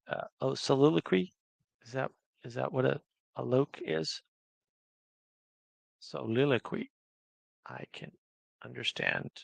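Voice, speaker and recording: A man's voice: medium pitch, creaky, fairly bright tone, no room sound. A man hosting a casual livestream, chatting and reading viewer comments aloud. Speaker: livestream host.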